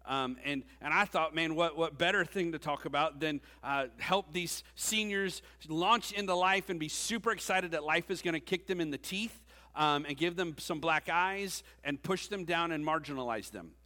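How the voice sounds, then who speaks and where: A man's voice: a little high, normal speed, bright, forceful tone. A man in his forties, a youth pastor giving a conversational sermon with joking asides to the congregation. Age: 40s. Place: church sanctuary. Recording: long reverb of a church hall.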